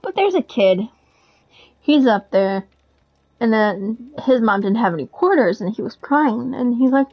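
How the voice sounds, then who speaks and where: A woman's voice: fairly high pitch, lively intonation, moderate pace, slightly rough. A young adult woman telling a story in a rambling, casual way, frank and swearing freely. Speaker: gaming vlogger. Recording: dull lo-fi recording.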